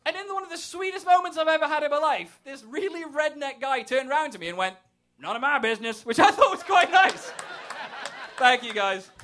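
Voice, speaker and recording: High, lively-voiced English comedian. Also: male voice, brisk. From England. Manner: wry, self-deprecating, profane humor. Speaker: stand-up comedian. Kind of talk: stand-up set and casual interview.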